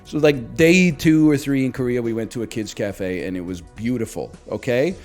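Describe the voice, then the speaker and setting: A man's voice: medium pitch, moderate pace, darkish tone, soft background music. A man in his thirties telling a rambling, profane, self-deprecating story in casual stream chat. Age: 30s.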